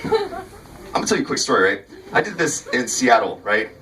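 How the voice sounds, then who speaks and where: A man rapping and joking with the crowd during a live set, with rapid punchy rhymes and loose stage talk. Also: medium pitch, huge pitch swings, bright, forceful tone, slight background noise. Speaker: rapper performing a live set. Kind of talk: live rap performance and stage banter. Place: live music venue with crowd. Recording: distant live concert recording with music. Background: backing music.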